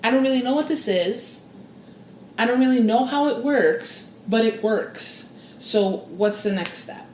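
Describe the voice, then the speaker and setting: A woman appearing as a guest on a podcast, a psychic and spiritual coach, tells a personal story in an animated interview. Her delivery is lively and expressive, and she acts out the voices she quotes with big jumps in pitch. She speaks a little slowly, and the recording sounds roomy with slight background noise.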